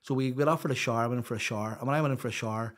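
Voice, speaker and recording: A man's voice: mid-range voice, rapid-fire. Blunt Northern Irish man telling stories. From Northern Ireland. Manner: rambling, blunt and sweary, full of fillers. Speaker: guest. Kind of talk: casual storytelling chat.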